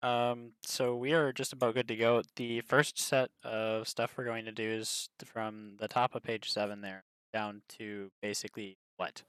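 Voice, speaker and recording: A man's voice: fairly low pitch, flat delivery, moderate pace, hardly any pauses, fairly bright tone, clear, resonant tone. A man directing an audiobook recording over a stream, organizing the others. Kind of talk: casual chat on a recording stream.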